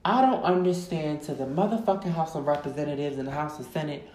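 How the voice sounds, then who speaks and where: A woman rants as a podcast host, loud and emphatic, swearing freely and stretching her words for stress. Her voice sits low and has a dark, mellow tone. The sound is roomy, with echo around her. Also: animated. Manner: loud, emphatic, heavy profanity, drawn-out stresses. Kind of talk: profane casual rant. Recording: echoey room.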